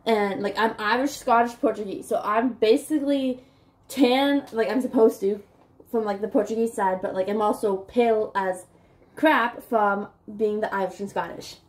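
A young woman co-hosting a vlog in relaxed, teasing casual chat. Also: medium pitch, moderate pace. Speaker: vlogger.

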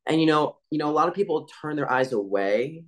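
A man's voice: a little high, animated, fairly quick. Laid-back young man telling stories. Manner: laid-back, filler-heavy storytelling. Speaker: voice actor guest. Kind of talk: casual interview chat.

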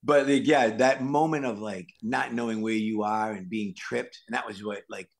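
A man, an actor and stuntman, telling animated anecdotes as a podcast guest and acting out what other people said. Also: fairly low pitch, normal speed, gravelly. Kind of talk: casual podcast storytelling.

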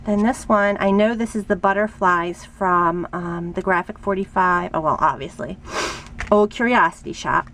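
A young woman chatting casually as she shows off a craft haul at home, rambling and gushing with excitement. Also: medium pitch, unhurried, long pauses, slight background noise. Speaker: craft vlogger. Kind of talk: casual show-and-tell haul.

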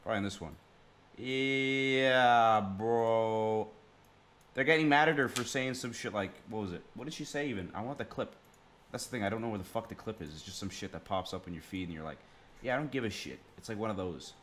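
A man's voice: lowish voice, fast, a bit bright, slight background noise. A young man streaming, giving crude, rambling reaction commentary full of swearing.

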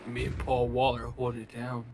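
A man's voice: medium pitch, completely flat delivery, normal speed, gravelly. A man gamer teasing another player in voice chat, laughing often. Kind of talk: in-game voice chat. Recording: noisy game voice chat.

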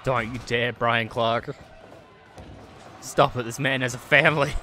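A man giving live stream commentary on a wrestling video game, excitable, swearing and laughing often, swinging between yelling and muttering. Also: medium pitch, measured pace, long pauses, faint music behind.

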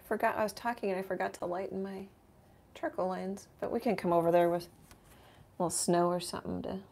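This is an art teacher and channel host, a middle-aged woman, doing a live painting demonstration indoors at her home studio. She talks briskly in a mid-range, somewhat mellow voice with little pitch movement. Her chatter is casual and thought-aloud, with sentences frequently left unfinished.

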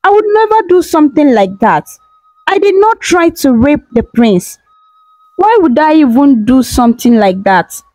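A young widowed maid, tearful and pleading, her voice rising high as she begs, as a woman narrator puts her on. The close, dry recording has faint music behind it. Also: sing-song, moderate pace, a little mellow, no room sound, low-quality recording.

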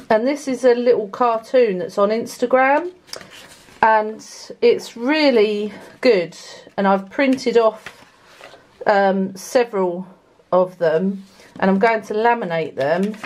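A woman vlogging to her camera at home in a casual, chatty way, unhurried and with frequent fillers. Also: mid-range voice, a little mellow. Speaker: family vlogger. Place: at home and outdoors on a windy, sunny day.

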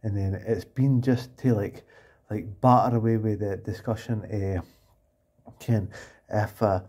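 Husky, low-voiced Scottish man rambling. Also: fairly even intonation, measured pace, warm tone. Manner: rambling, tags lines with "eh?" and "and that". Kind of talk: casual rambling monologue.

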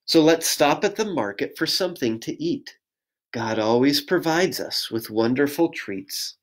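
Slow, lively pastor reading a picture book. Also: male voice, on the high side. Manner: gentle, sing-song reading with audience prompts. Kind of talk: children's picture book read-aloud.

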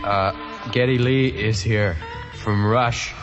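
An actor playing a dopey Canadian man in a comedy album sketch, halting and full of fillers, with a Canadian accent. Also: fairly low pitch, steady tone, lo-fi sound, music in the background. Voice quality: halting, filler-heavy, says eh. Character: dopey Canadian man, affable hoser brother.

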